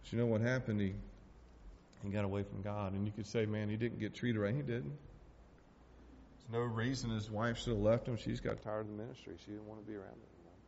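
The audio is dull and lo-fi with a faint rumble, and the long reverb of a church sanctuary surrounds a pastor's ordinary-pitched voice. He preaches fast in a steady, darkish tone with vocal fry, his heartfelt, folksy delivery full of "man" and "hey" as it climbs toward urgent pleas.

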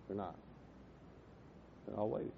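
Man preaching from the pulpit, impassioned, swells to loud peaks, muffled low-fi recording. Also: a little slow, slight background noise. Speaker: pastor. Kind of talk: sermon. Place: church sanctuary.

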